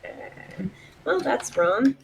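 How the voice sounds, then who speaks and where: A woman's voice: fairly high pitch, big pitch swings, takes it slowly, creaky, slight background noise, poor audio. Laughing, swearing woman game master. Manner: casual, laughs often, swears freely. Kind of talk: running a tabletop game online.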